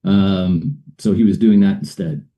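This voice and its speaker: A man's voice: low-pitched, a little slow, muffled recording. A middle-aged man, a guest on a show, telling a personal story in a rambling way, with many fillers and uneasy laughs.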